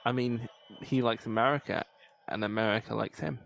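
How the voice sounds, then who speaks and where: Young guy, mid-pitched, dry teasing co-host on a chatty watchalong. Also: steady tone, brisk, gravelly, a bit bright. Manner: wry, teasing banter. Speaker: podcast co-host. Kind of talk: casual watchalong chat.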